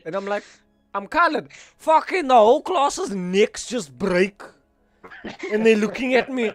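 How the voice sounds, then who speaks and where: Animated young South African man, high voice. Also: measured pace, no echo, faint music behind. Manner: animated, laughing storyteller. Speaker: streamer. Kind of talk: casual storytelling chat.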